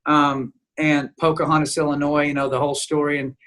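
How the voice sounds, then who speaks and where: A man being interviewed as a guest songwriter, telling an animated story and acting out the dialogue. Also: on the high side, fairly quick. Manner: lively storyteller who acts out quoted dialogue. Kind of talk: animated storytelling in casual chat.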